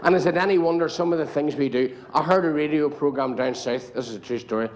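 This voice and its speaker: An Irish man with a somewhat high voice spins a yarn on stage, dropping in casual asides as he goes. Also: fast. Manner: chatty aside-filled storytelling. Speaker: stand-up comedian. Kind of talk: live stand-up joke telling. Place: live comedy stage.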